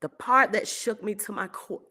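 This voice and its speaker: A woman with a bright, forceful mid-range voice speaks at a normal pace while hosting her own online show. She tells her viewers a personal story candidly and emotionally, acting out the voices of people she quotes.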